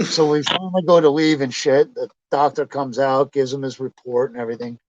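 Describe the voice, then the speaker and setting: A man being interviewed, casually telling profane, animated stories and acting out what people said. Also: medium pitch, fairly quick, no room sound, lo-fi sound. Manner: profane, animated anecdotes with acted quotes. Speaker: interview guest, pro wrestler. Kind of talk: casual storytelling.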